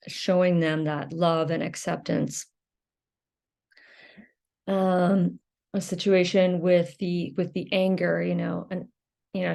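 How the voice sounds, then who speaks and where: A woman's voice: lowish voice, creaky, darkish tone. A woman giving an unscripted educational talk for her video channel, explaining in a loose, conversational way and searching for her words as she goes. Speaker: video creator on emotional recovery.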